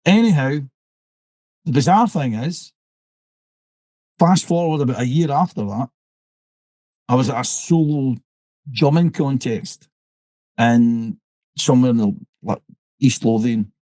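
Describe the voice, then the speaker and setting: A man's voice: medium pitch, unhurried, pauses often, warm tone, no echo, low-quality recording. A middle-aged man with a Scottish accent, a drummer telling a rambling story in an interview, restarting and repeating "I says" as he goes. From Scotland. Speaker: interview guest, military pipe band drummer. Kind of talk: conversational storytelling.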